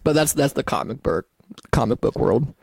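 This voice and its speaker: Male podcast co-host, gravelly, enthusiastic and loose-mouthed. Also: mid-range voice, big pitch swings, normal speed, a little mellow, dry recording. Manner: enthusiastic, swears casually. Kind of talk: casual chat.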